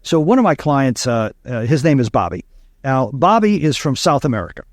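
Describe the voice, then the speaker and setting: A man being interviewed as a communication coach, explaining with animated storytelling and frequent fillers. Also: mid-range voice, moderate pace, no echo, studio quality.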